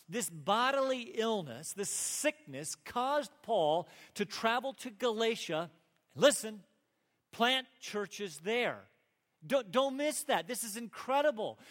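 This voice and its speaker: Earnest high-voiced male preacher in hall. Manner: earnest preaching, rising to emphatic peaks and dropping to soft asides. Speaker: pastor. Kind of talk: sermon. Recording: long hall reverb.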